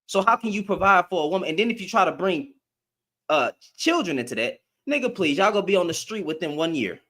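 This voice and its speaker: This man's high, sharp voice races along with lively intonation as he hosts a live stream. He addresses commenters head-on, ranting in slang and confrontation and repeating lines to drive points home.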